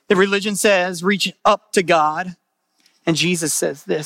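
A man preaching a sermon as a pastor. He talks in an earnest, conversational way, repeats phrases for weight, and moves between loud emphatic bursts and quiet, hushed lines. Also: high voice, moderate pace, no room sound, clean studio sound.

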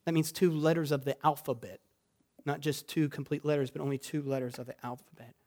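A male pastor preaching a sermon in a church, moving from quiet reflection to loud, exclamatory passages. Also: on the high side, fairly even intonation, a little fast. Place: church sanctuary.

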